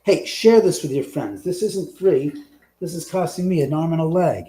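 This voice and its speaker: A man hosting a live ghost-hunting stream from inside his house, grumbling and cursing to himself as he scolds unseen spirits, swinging from sudden loud outbursts to whispered mutters. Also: fairly high pitch, lively intonation, normal speed, slightly rough. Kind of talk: live stream, casual chat. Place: indoors in his own house, moving between rooms and stairs.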